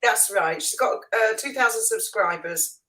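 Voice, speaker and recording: Woman, guest, casual chat, easygoing, mid-pitched. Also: measured pace, bright, forceful tone, rough recording.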